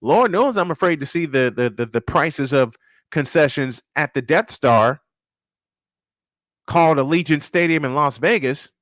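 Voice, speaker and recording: A man's voice: a little high, lively intonation, unhurried, fairly bright tone, no room sound, studio quality. A man hosting a casual live-stream sports show, ranting and firing off rhetorical questions, repeating his points for emphasis.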